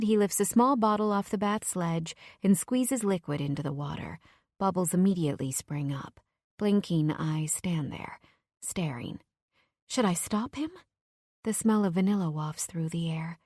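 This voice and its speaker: A woman with a fairly low voice reads a romance audiobook in the first person. Her telling is close and emotional, and the recording is dry with no room around it. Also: darkish tone, no echo. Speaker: audiobook narrator.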